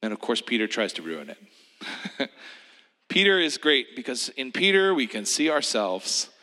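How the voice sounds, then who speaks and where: A male preacher leading a reflective, meditative sermon, speaking gently and often sinking into a hushed near-whisper. His tone is bright and clear. A long hall reverb hangs on every phrase. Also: medium pitch, big pitch swings, measured pace.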